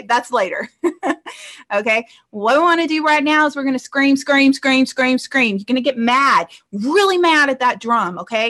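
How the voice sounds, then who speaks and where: Woman life coach, slightly high voice, chatty online class, laughs easily, keeps checking in with her students. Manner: chatty, tags nearly every point with "okay?", laughs easily. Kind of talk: casual live online class.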